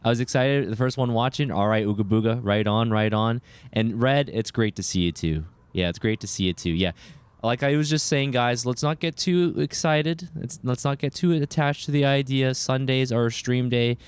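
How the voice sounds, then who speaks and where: A man's voice: medium pitch, normal speed, clean tone, dry recording. A man streaming a video game, chatting casually and cheerfully greeting viewers in chat. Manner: upbeat, greets chatters by name, chatty asides.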